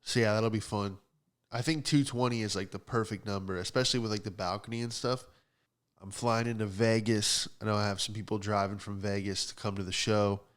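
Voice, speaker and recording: A man's voice: fairly low pitch, clean tone. A young man who hosts a comedy podcast, delivering a sarcastic, ranting stand-up style monologue.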